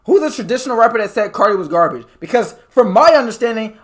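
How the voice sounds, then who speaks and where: A young man debating in a rapid, insistent, argumentative way. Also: very high-pitched, expressive. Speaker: podcast host. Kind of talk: casual debate.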